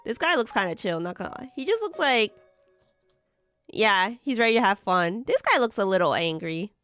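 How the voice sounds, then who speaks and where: A young adult woman streamer, a bit hoarse from being sick, chatting with viewers while building models, giggly and full of filler words. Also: medium pitch, very animated, moderate pace, fairly bright tone, no echo, soft background music.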